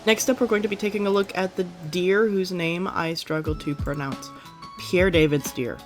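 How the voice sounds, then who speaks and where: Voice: medium pitch, brisk, soft background music. Chatty, upbeat gaming commentator. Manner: chatty, rambling, frequent fillers and self-corrections; upbeat and enthusiastic. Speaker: gaming YouTuber. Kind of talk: casual reaction commentary.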